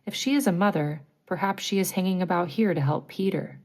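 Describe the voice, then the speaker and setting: A woman's voice: lowish voice, brisk, a little mellow, natural voice, low-quality recording. A woman voicing a suspicious male pirate crewman in a wary storybook tone.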